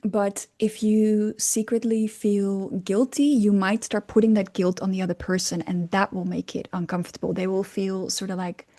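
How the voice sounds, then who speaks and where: A woman's voice: mid-range voice, level tone, moderate pace, few pauses, warm tone. A woman coaching on communication, explaining casually with fillers, hesitations and frequent little laughs.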